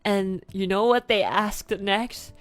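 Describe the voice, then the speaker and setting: A young woman tells a story to her viewers in a smooth, mid-range voice. She rambles and restarts, drops into hushed asides and then bursts out loud. Faint music plays behind her. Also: mid-range voice, fairly even intonation, takes it slowly, dry recording. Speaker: streamer. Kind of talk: storytelling to a live audience.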